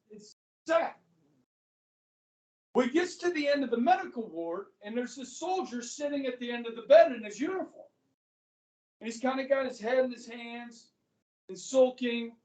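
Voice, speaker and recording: Male history teacher, high voice, acts out quotes as he lectures; distant mic. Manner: animated storytelling, acts out quotes. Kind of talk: classroom lecture. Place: classroom. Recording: echoey classroom, mic far off.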